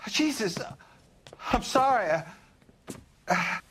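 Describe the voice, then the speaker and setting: An actor playing a defensive husband suspected of murder in a game, speaking haltingly. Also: male voice, very high voice, big pitch swings, bright, forceful tone, slight background noise, full character voice. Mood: shocked. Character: defensive grieving husband under suspicion.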